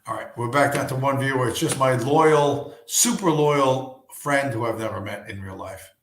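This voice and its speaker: Hoarse, rambling man in a roomy room. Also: medium pitch, normal speed, a little hiss or hum. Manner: rambling and profane, with many restarts. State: hoarse, losing his voice. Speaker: livestream host. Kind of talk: casual late-night livestream chat. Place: at home.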